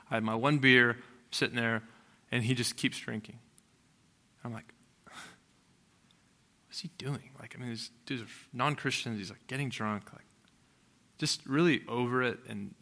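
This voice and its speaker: A man's voice: mid-range voice, pushed and bright. A man in his thirties, a pastor preaching a sermon in a conversational, storytelling way that rises to emphatic peaks.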